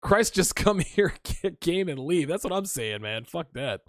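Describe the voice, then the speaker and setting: Man, livestream host, casual chat, blunt and profane, laughs a lot, bouncy lively pitch, dry close sound. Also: measured pace, dry recording. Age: adult.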